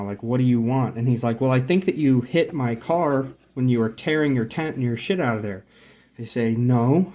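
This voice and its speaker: Swearing liberally, a young vlogger with a mellow, medium-pitched voice tells a story in a casual way. He performs the quoted dialogue and indicates where each thing took place as he goes.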